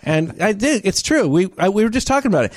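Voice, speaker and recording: A man's voice: high-pitched, sing-song, fast. A man co-hosting a casual podcast, telling a story and acting out both sides of an argument with many restarts. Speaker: podcast co-host.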